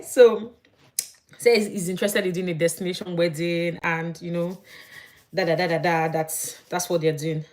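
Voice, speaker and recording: A young woman chatting as she does her makeup, gossiping in an animated way. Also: on the low side, moderate pace. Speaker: vlogger. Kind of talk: casual chat while doing makeup.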